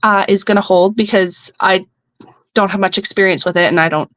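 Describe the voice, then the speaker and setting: A woman's voice: medium pitch, a little fast, no echo, muffled recording. A young adult woman from Canada, a podcast guest talking casually about her welding work. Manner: relaxed, thinks aloud with fillers. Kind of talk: casual chat.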